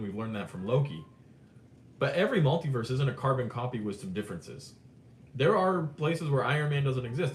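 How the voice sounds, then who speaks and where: A man hosting a live movie chat, talking casually and animatedly, swinging between excited and subdued. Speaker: live stream host. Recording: roomy with faint rumble.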